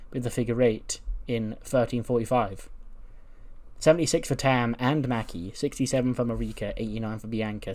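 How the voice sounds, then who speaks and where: A chatty man in a casual let's-play, commenting loosely on matches. His voice sits in a middle pitch, and he laughs freely between thoughts. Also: darkish tone. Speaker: gaming video creator.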